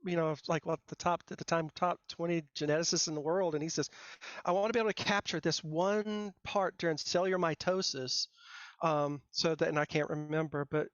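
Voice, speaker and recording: A middle-aged man, a software engineer guest, telling his career story in a casual, rambling, self-deprecating way with many fillers and restarts. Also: fairly high pitch, steady tone, fairly quick, no room sound. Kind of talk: casual interview talk. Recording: dull dry lo-fi sound.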